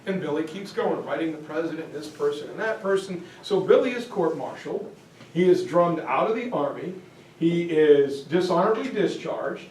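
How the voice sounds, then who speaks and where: A man giving a history lecture as lively storytelling, acting out quoted voices and joking asides. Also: fairly high pitch, moderate pace, a little hiss or hum. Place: classroom or lecture hall. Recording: echoey room, mic far off, faint ambience.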